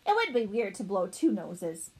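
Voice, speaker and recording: A woman narrating a children's storybook in a playful, animated way as a young boy narrator. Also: mid-range voice, normal speed, slightly rough, low-quality recording. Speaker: audiobook narrator.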